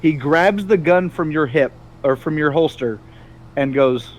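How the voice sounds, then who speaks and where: A man narrating a tabletop role-playing game as game master, relaxed, with frequent fillers. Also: a little high, a little slow.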